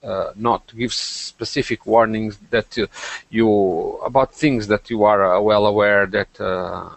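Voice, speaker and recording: A man talks slowly and haltingly, his voice rough with gravel. He hosts a relaxed tech podcast, filling the gaps with "uh", recorded dry and close. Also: lowish voice, no room sound. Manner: hesitant, many fillers and restarts. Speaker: podcast host. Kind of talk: casual tech chat.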